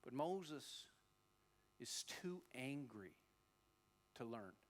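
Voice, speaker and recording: A man preaching a sermon as a pastor, telling the story in a lively way and acting out the voices. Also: mid-range voice, very slow. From Australia.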